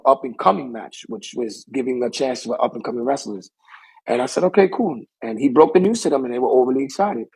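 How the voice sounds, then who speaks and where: Young wrestler guy rambling through a story, raspy and kinda breathy, keeps looping back. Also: mid-range voice, darkish tone, rough recording. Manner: rambling, keeps restarting with a stock phrase. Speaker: pro wrestler guest. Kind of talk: casual storytelling.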